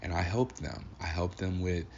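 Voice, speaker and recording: Deep voiced guy in his 30s talking to his podcast solo, emotional, cusses casually, faint room hum. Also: normal speed, darkish tone, highs cut off. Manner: emotional, reflective, swears casually. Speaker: podcast host. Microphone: audio-only recording.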